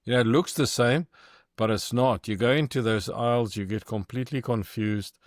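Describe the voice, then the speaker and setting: A man's voice: mid-range voice, moderate pace, dry recording, clean studio sound. A man hosting a podcast, reflecting thoughtfully with many fillers and hesitations. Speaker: podcast host. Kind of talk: casual chat.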